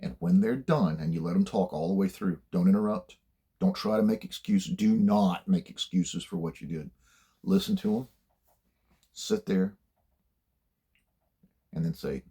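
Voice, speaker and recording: A man's voice: sits low, moderate pace, dark tone, slightly rough. An older man giving blunt, plainspoken career advice in a casual monologue, swearing freely as he tells stories from his working life. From United States.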